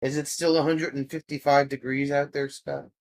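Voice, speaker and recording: A livestream host with a creaky, mid-range voice talks at a normal speed in a flat delivery. He chats casually with viewers, answering them, teasing them playfully, and hopping from one topic to the next.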